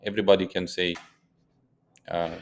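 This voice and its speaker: A man with a very low voice co-hosts a casual podcast discussion. He tells stories with animation and drops curse words for emphasis. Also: moderate pace. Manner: animated storyteller who swears for emphasis. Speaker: podcast co-host.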